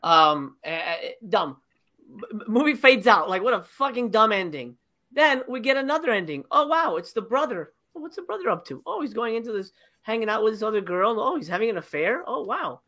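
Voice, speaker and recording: Very animated and brisk, this woman's sharp voice runs on the high side. Co-hosting a laid-back podcast, she reviews a film by venting profanely about its ending and ridiculing scenes with silly impressions.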